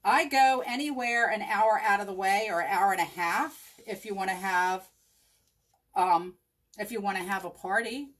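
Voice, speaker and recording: A woman's voice: mid-range voice, moderate pace, fairly bright tone. A woman running a live crafting tutorial at home, chatting with viewers, thinking aloud and answering them by name. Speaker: chalk craft demonstrator. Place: home craft table with her dog at her feet.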